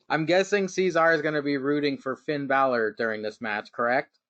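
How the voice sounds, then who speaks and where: A man's voice: on the high side, steady tone, moderate pace, fairly bright tone, no room sound, lo-fi sound. A man hosting a casual podcast chat, loose and joking, putting questions to his co-hosts. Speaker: podcast host.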